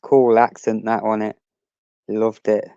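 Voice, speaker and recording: A man's voice: on the low side, level tone, measured pace, vocal fry, warm tone, smooth, dry recording, dull audio. A man hosting a casual live stream, chatting with viewers and greeting them by name.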